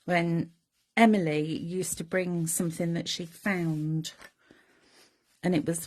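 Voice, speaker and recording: Mellow-voiced woman chatting through crafts. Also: lowish voice, fairly even intonation, normal speed. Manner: chatty, talks through each step and chats with viewers. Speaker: craft demonstrator. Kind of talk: chatty live crafting demonstration.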